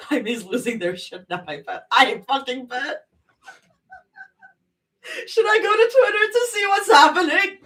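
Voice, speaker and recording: Lively woman streamer, slow and airy. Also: sits high, recorded from a distance, low-quality recording. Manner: casual, swearing, apologetic asides. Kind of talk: live reading and reacting to fan fiction.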